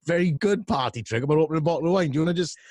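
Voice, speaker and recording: Male co-host, teasing storyteller, mid-pitched voice, dry close sound. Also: very fast, a little mellow, dry recording. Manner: teasing, recounts with quoted lines. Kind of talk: casual chat.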